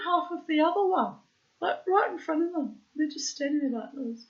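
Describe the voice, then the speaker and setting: A woman's voice: high-pitched, expressive, normal speed. A middle-aged woman, telling a rambling anecdote in casual chat, full of asides. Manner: chatty and rambling, with frequent asides. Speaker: storyteller. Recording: dull lo-fi recording.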